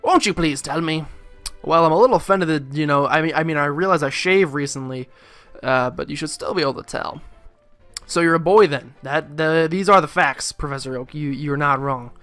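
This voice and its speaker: A man's voice: a little high, a little fast, fairly bright tone, no room sound, soft background music. A man doing casual let's play commentary, rambling with jokes and profane asides into a close mic.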